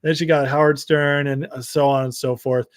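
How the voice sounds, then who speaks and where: A man's voice: medium pitch, fairly even intonation, normal speed. A man hosting a live political commentary stream, reading headlines and viewer comments with sarcastic asides and frequent laughs. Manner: sarcastic, reads headlines and chat aloud, laughs often. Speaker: political commentary show host.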